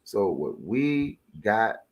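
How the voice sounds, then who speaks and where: A man's voice: lowish voice, very animated, very slow, muffled recording. Blunt man co-hosting a talk show. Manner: blunt and emphatic, rising when heated. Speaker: co-host. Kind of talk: casual radio talk.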